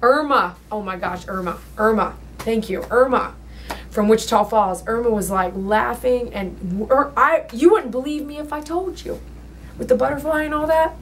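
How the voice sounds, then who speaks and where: A woman who works as a dog groomer, telling a personal story in her salon while she works, rambling and emotional with sudden loud exclamations. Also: a little high, normal speed, slight background noise. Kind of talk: casual storytelling while working.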